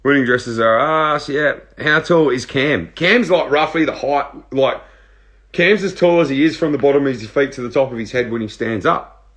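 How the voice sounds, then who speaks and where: Bright, laid-back Australian man. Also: mid-range voice, normal speed. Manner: laid-back and joking, reads questions aloud and answers. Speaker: reality show contestant answering live viewer questions. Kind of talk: casual live-stream Q&A.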